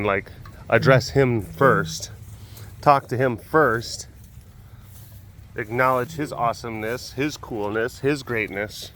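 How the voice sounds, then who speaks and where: A man's voice: medium pitch, a bit bright, slight background noise. Rambling playful man outdoors. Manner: rambling, playful, chatty with the animals. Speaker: animal keeper vlogger. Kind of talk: casual walk-around vlog. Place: outdoors at a rural animal facility.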